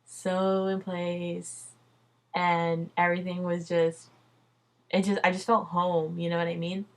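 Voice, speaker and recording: A woman's voice: lowish voice, flat delivery, measured pace. A young adult woman telling a personal story in a casual vlog, chatty and loose, full of "like" and "dude", swearing freely. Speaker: vlogger.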